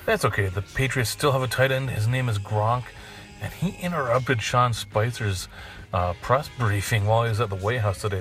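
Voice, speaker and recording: A man's voice: on the low side, a bit bright. A man hosting a podcast, rambling through a crude, jokey monologue and swearing freely. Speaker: podcast host.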